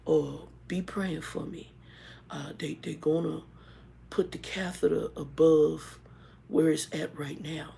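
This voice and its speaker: Lady doing a tired guy mumbling low, soft and kinda gravelly. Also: fairly even intonation, slow pace, heavily acted. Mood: plaintive. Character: weary man mumbling about his surgery.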